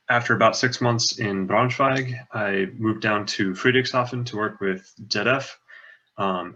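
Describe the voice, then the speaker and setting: A young man, a student presenter, introducing himself in a measured way with many filler pauses. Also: low voice, pushed and bright. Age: young adult. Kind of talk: informal self-introduction. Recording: muffled lo-fi call audio.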